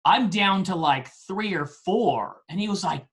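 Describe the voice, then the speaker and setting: A podcast guest in his forties tells a story casually and with animation, often laughing and teasing himself. His voice is high-pitched and his pace unhurried.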